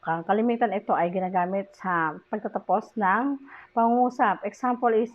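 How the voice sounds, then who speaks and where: A woman teacher with a Filipino accent giving a lecture, switching languages and reading example sentences aloud with hesitant fillers. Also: mid-range voice. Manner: switches between English and Tagalog, reads example sentences aloud; slow, deliberate delivery with hesitant fillers. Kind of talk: classroom lecture. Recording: dull lo-fi recording.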